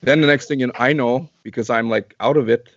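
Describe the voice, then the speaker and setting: A man's voice: mid-range voice, fast, creaky, lo-fi sound, slight background noise. A man from Canada, a guest in an interview, tells a long personal story in casual talk, repeating and restarting phrases as he goes.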